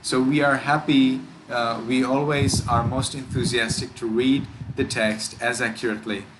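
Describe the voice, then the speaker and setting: A man who is a Buddhist monk, teaching a class how to pronounce chant words and drawing each word out slowly and carefully. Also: mid-range voice, little pitch movement, background noise. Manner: slow, careful, demonstrates words by drawing them out.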